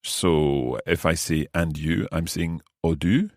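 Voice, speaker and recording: A very low-voiced man hosts a language lesson podcast while playing the learner, asking curious questions, slowly repeating new words and laughing easily. The audio is dry and close with no room echo.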